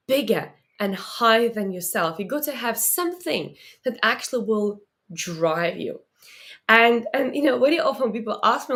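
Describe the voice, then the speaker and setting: A woman with a voice pitched a little high speaks earnestly to camera as a mindset coach. Her English is slightly in its phrasing, and she checks in with the listener through constant tag questions. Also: fairly bright tone. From Latvia. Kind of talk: motivational talk to camera.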